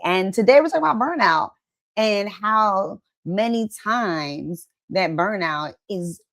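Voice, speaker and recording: Emphatic woman coaching to camera. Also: on the low side. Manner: emphatic, uses "right?" often; acts out quoted inner voices. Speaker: wellness coach and channel host. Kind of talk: motivational talk to camera.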